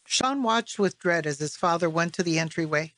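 A woman narrating literary fiction as an audiobook, in a measured, even storytelling voice on a close mic. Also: fairly low pitch, no echo.

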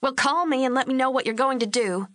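Woman doing a sharp, sarcastic ranch wife. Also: sits high, fast, dry recording, clean studio sound, pitched above the performer's own voice.

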